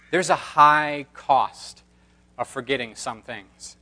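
A man's voice: medium pitch, slow pace, sharp tone. A man pastor reading scripture and preaching a sermon with emphatic, impassioned delivery.

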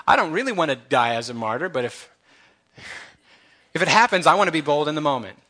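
A man's voice: fairly high pitch, big pitch swings, brisk, pushed and bright. Impassioned man preaching a sermon. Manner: earnest, impassioned, talks straight to the congregation. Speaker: church elder preaching.

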